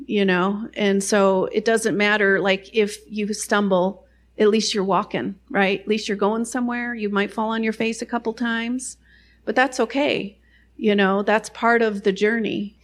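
A woman's voice: mid-range voice, fairly even intonation, measured pace. A middle-aged woman sharing a personal faith testimony in a chatty, self-deprecating way, full of "you know" asides.

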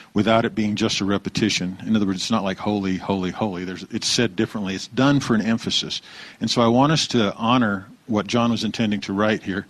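A man preaching a conversational sermon, relaxed, asking the congregation questions and repeating their answers. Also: lowish voice, no echo. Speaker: pastor.

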